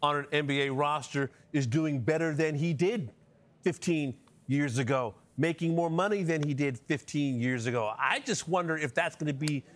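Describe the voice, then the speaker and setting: A male sports show host with a fairly high voice, steering a studio discussion. He sets up clips and questions briskly.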